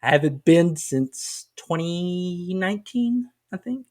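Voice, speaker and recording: A man's voice: high voice, animated, slow, darkish tone. Middle-aged man, podcast co-host, rambling chat, stammers and restarts, self-deprecating.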